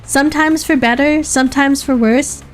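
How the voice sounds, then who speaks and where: Female streamer from Canada, high-ish voice, giggly casual chat, faint music behind. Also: fairly even intonation, normal speed. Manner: giggly, laughs often, restarts mid-sentence.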